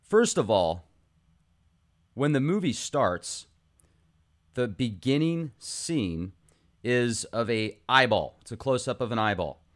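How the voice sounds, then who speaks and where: A man hosting his own video channel, talking through a film's symbolism in an earnest, animated monologue. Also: medium pitch, takes it slowly, pauses often. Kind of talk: casual monologue analysis.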